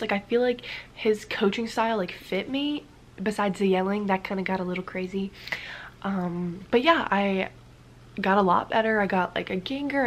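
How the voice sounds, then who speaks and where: Woman rambling through a casual story time. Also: mid-range voice. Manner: rambling, filler-heavy, dips into whispers. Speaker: vlogger.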